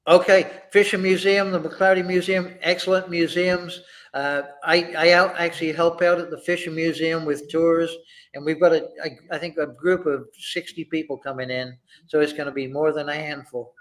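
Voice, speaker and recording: A man's voice: fairly high pitch, level tone, normal speed, a bit bright, rough recording. An easygoing man from England gives a casual report in a slightly raised voice. He starts some sentences hesitantly but stays friendly. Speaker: regular reporter.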